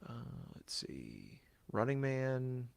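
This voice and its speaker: A man's voice: medium pitch, huge pitch swings, slow, creaky, clear, resonant tone. A man co-hosting a casual podcast, rambling and swearing freely with lots of fillers, his voice tired from talking all day. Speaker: podcast co-host.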